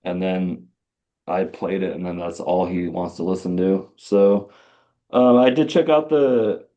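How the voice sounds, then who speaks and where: A man's voice: sits low, steady tone, measured pace, mellow, lo-fi sound. A man who is a musician guest on a podcast, talking in a laid-back, hesitant way with many fillers. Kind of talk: casual interview chat.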